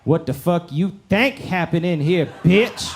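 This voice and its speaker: A man's voice: sits high, expressive, unhurried, background noise, pitched below the performer's own voice. A man playing a brash, foul-mouthed boy. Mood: cocky. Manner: profane, swaggering, insulting. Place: comedy club stage.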